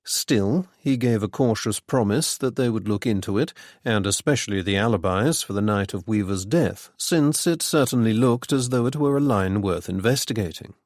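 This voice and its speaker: A man narrating a mystery novel in measured, even storytelling. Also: fairly low pitch, no echo, studio quality. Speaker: audiobook narrator. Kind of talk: scripted narration.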